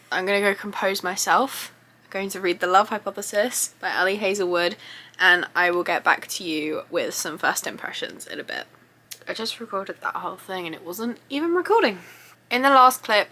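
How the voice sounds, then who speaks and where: Young female book vlogger, bright and forceful tone, gushing and chatty delivery. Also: medium pitch. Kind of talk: casual reading vlog updates.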